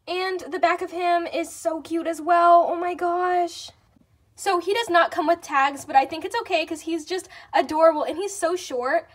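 Woman vlogger, very high voice, gushing, gasps often, excited unboxing chat. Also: normal speed. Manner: gushing, gasping, repeats "oh my gosh". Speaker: vlogger unboxing fan mail.

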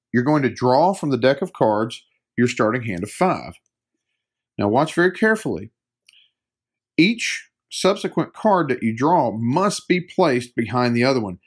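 A man hosting a casual board game review, joking around while he explains the rules step by step. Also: mid-range voice.

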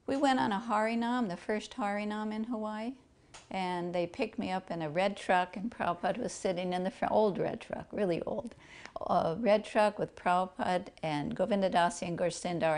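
Gravelly woman fondly telling a memory. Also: mid-range voice, steady tone, normal speed. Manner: warm, fond, laughs softly. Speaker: interviewee recalling memories. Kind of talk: reflective storytelling.

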